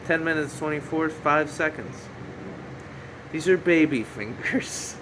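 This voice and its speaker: A man's voice: a little high, slow pace, low-quality recording. A man hosting a solo podcast, rambling and joking at himself, with a fan running in the room. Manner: goofy, joking, self-mocking, breaks into shouty bits. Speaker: podcast host. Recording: faint fan hum behind.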